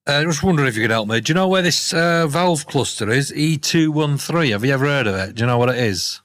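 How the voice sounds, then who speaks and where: A man's voice: mid-range voice, expressive, fast talker, a bit bright, pitched above the performer's own voice, natural voice. A man voicing a male adventurer who asks a trader blunt questions. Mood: inquiring.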